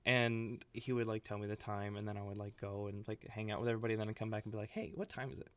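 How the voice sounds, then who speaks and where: A man co-hosting a podcast, telling a story in a casual, animated way with lots of "like" fillers. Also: lowish voice, racing, smooth, no echo. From Libya. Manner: filler-heavy, animated, laughing while telling stories. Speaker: podcast co-host.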